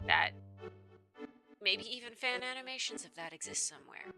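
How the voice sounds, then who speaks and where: A woman commenting on a video game as she plays, excitable and rambling, with some swearing. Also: on the high side, moderate pace, over music, rough recording. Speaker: gamer streamer. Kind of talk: let's play commentary.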